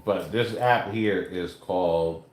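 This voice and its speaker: A man co-hosting a casual home livestream, explaining things slowly with halting fillers while reading out viewer comments. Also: low voice, a little mellow. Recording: echoey room.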